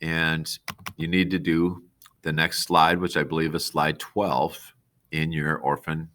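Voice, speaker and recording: A man's voice: a bass voice, level tone, slow, fairly bright tone, a little hiss or hum. A man teaching a class, reading a novel aloud and stopping to explain words to his students. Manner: plain read-aloud with asides to the class.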